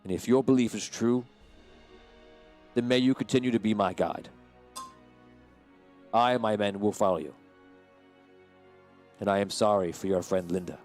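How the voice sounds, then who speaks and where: A man's voice: lowish voice, moderate pace, pauses often, darkish tone, soft background music, lightly acted. A man voicing a large, solemn male knight captain who pledges his loyalty in formal speech.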